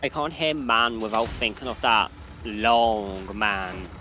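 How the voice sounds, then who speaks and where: A man's voice: fairly low pitch, fairly even intonation, slow pace, bright, forceful tone, soft background music. A man chatting while streaming a game with friends, making dry, teasing remarks. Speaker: gamer on a stream. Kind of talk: casual chat while gaming.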